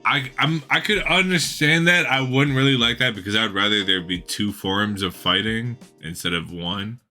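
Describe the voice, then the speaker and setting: Brief: low-voiced man, podcast co-host, bright edge, thoughtful self-correcting chat. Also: moderate pace, faint music behind. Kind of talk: casual chat.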